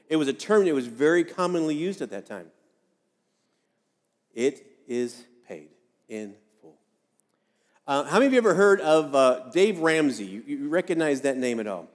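Male pastor, fairly high voice, conversational sermon with repeated phrases, long hall echo. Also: expressive, moderate pace.

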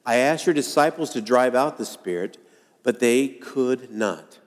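A man preaching a sermon to a congregation, earnest and dramatic, acting out quoted lines with pauses. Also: medium pitch, expressive. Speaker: pastor. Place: church sanctuary. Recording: long hall reverb.

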